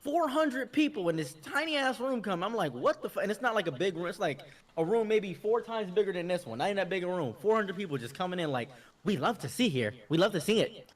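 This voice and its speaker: A man's voice: sits high, animated, quick pace, hardly any pauses. A man telling an anecdote in casual chat, in a laid-back, wry way.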